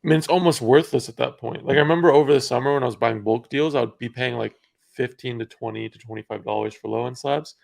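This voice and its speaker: A young man hosting a podcast, chatting in a relaxed way with many fillers. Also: medium pitch, quick pace, gravelly. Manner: relaxed, filler-heavy, lots of "like". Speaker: podcast host. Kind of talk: casual podcast conversation.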